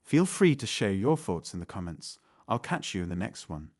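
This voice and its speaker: Low-voiced man, calm scripted narration. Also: no echo, clean studio sound. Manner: calm, measured, instructive. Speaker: channel narrator. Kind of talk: scripted self-help narration.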